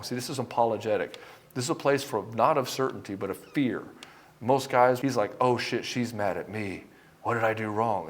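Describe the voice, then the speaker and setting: A man giving dating advice straight to the camera, blunt and emphatic, with frequent swearing. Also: fairly low pitch. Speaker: dating coach. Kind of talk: direct-to-camera advice monologue.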